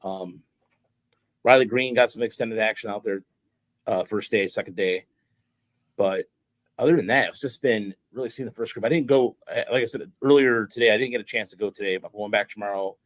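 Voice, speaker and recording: A man's voice: lowish voice, brisk, dry recording, rough recording. A man hosting a sports podcast, talking casually and ranting with exasperation and lots of restarts. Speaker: podcast host.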